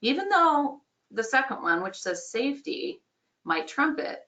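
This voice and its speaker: A woman's voice: high-pitched, very animated, unhurried, pushed and bright. A woman sales trainer leading an online customer-care course, explaining in an upbeat, conversational way.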